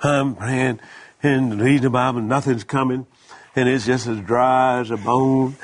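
A man's voice: medium pitch, fairly even intonation, normal speed. A man, a minister co-hosting, sharing testimony in casual preaching conversation with many stammered restarts. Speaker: minister co-host.

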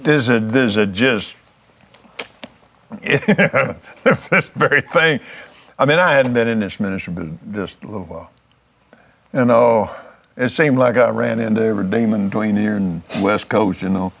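A man's voice: lowish voice, measured pace, vocal fry, long pauses, a bit bright. Fervent folksy preacher man. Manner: fervent, folksy, repeats words as he restarts. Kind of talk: storytelling testimony.

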